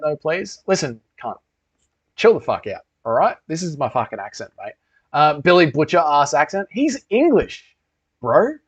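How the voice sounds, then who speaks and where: Young guy on a stream swearing at chat, kinda high voice, dull muffled audio. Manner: crude, swearing banter with chat. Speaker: livestream host. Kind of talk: casual livestream Q&A, reading chat.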